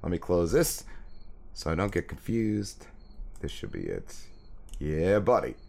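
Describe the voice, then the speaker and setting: A man's voice: sits low, wildly swooping pitch, measured pace, vocal fry, darkish tone. A man hosting a podcast, ranting with constant swearing and mimicking other people. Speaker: podcast host. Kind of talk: profane casual rant.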